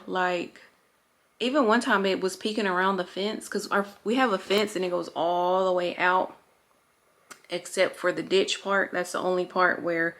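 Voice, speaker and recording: A woman's voice: lowish voice, fairly bright tone. A young woman, chatting casually in a home vlog, rambling and correcting herself as she goes. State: slightly out of breath. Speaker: vlogger. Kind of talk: casual chat.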